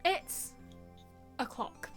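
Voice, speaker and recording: A woman reading the lines of a calm older sister who teases her sibling gently. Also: drawn-out words, faint music behind. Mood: gentle. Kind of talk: reading game dialogue aloud.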